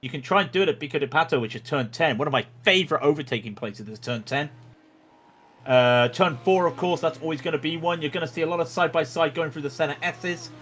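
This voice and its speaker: Male sim racing commentator, chatty and joking, higher voice. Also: quick pace, fairly bright tone, slight background noise. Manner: chatty, jokey, many restarts. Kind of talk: livestream race commentary.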